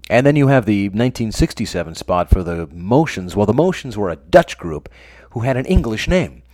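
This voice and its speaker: A man's voice: lowish voice, very animated, moderate pace, darkish tone. A middle-aged American man hosting a scripted comic radio monologue with dry, sardonic asides. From United States. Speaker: radio show host.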